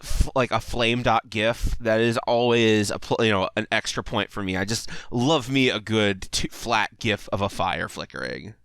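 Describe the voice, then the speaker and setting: Bright, chuckling man. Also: lowish voice, animated, moderate pace, gravelly, few pauses, clean tone, no echo. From United States. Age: 30s. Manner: rambling and enthusiastic, lots of "like" and chuckles. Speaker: video commentator. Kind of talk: casual video commentary.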